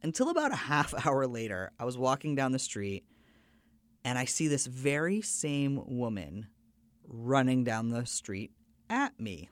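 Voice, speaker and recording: A man's voice: mid-range voice, very animated, measured pace, no room sound. Earnest man hosting a storytelling podcast. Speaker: podcast host.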